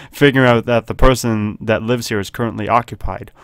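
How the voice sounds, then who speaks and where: A man's voice: medium pitch, steady tone, normal speed, no room sound, studio quality. A man hosting a gaming video, reading a horror text game aloud and making jokey asides, often laughing.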